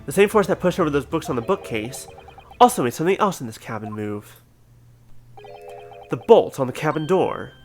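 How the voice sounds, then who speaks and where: An earnest young lawyer, read by a man who works through a case step by step. His delivery is steady, and faint game music plays behind him. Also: on the high side, moderate pace. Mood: reasoning.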